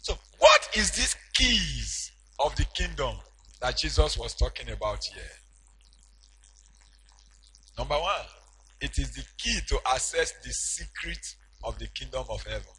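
A man preaching a sermon as pastor, slow and emphatic, with sudden shouted peaks. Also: mid-range voice, sing-song, slightly rough, poor audio.

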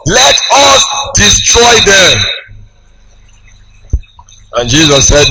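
A man preaching a sermon, slow and emphatic, with big swings in pitch as he tells a story. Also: very animated. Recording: noisy background with clicks.

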